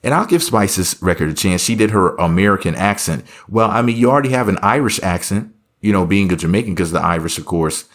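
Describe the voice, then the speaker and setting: Deep-voiced man, sarcastic rambling commentary. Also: a little fast, a bit bright. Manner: rambling, sarcastic, offhand asides. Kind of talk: casual reaction commentary.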